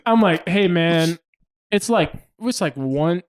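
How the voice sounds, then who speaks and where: A young man tells a rambling anecdote on a podcast, his voice sitting a little high. He laughs often and slips into other people's voices as he quotes them. It sounds like easy, casual chat between friends. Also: slow, slight background noise. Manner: animated, laughing, acts out quotes. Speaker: podcast co-host.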